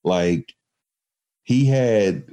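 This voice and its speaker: A man's voice: low voice, lively intonation, very slow, dark tone. A man in casual conversation, reflective and storytelling, with many restarts.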